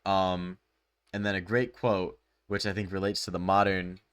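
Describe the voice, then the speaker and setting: A man's voice: low voice, level tone, normal speed, fairly bright tone, smooth, no echo. A young man casually summarizing a self-help book, chatty and loose with lots of filler words. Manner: loose and chatty, full of "like" and "bro".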